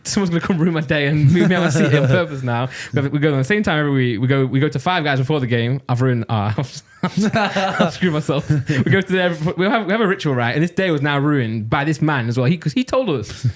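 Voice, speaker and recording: A man from Nottingham with a Midlands accent, co-hosting a casual podcast and telling an exasperated, animated story. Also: a little high, a little fast, few pauses. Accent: English Midlands. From Nottingham, England. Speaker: podcast co-host.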